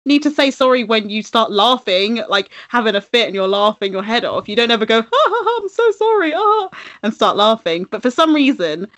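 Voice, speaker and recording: A woman co-hosting a podcast in casual chat, animated and playful, laughing often. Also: mid-range voice, brisk, hardly any pauses. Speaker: podcast co-host.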